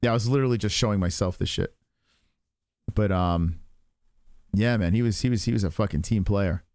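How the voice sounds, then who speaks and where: A man in his forties hosting a live stream, rambling casually with heavy swearing and heartfelt pauses. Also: lowish voice, darkish tone, dry recording. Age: 40s. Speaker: stream host.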